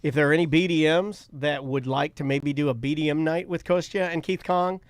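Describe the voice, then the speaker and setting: A man's voice: fairly high pitch, fairly even intonation, fairly quick, no room sound. A middle-aged man co-hosting a casual livestream podcast, chatty and enthusiastic, laughing often. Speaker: podcast co-host.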